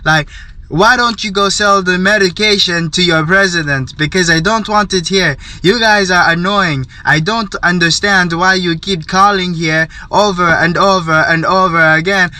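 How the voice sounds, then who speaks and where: A man's voice: sits high, moderate pace, pushed and bright, voice pushed up. A man putting on an exasperated man with an African accent who rants about scam callers. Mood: fed up. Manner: exasperated, repetitive complaining.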